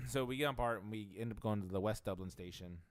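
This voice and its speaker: A man's voice: lowish voice, quick pace, dry recording. A young man co-hosting a podcast, telling a profane, laid-back story in casual chat. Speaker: podcast co-host.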